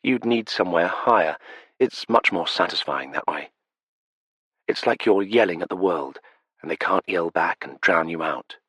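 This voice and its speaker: A man's voice: moderate pace, a bit bright, breathy edge, no room sound. A man voicing a playful, spirited young vampire noblewoman in an audiobook, lilting and teasing. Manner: lilting, teasing, raised pitch. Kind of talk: audiobook character voice. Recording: dry close studio sound.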